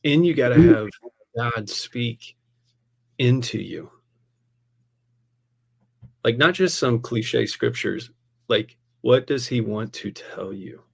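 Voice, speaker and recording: A man who is a pastor, telling a personal story in casual conversation. He is animated, laughs often and fills his speech with "like" and "man". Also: medium pitch, slow pace, gravelly, long pauses, slightly rough. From United States. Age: adult, a parent.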